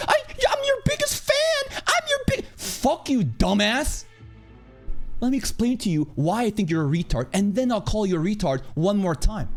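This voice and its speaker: Angry guy ranting on stream, cussing nonstop, voice swings up and down a lot. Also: high voice. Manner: aggressive, profane, combative; rapid, assertive delivery. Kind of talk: angry reaction-stream rant.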